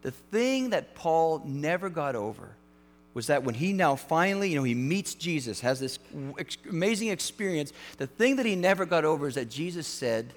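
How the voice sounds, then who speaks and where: A male pastor giving a sermon in a casual, animated way, with frequent restarts and fillers. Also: on the high side, normal speed. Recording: hall reverb, mains hum.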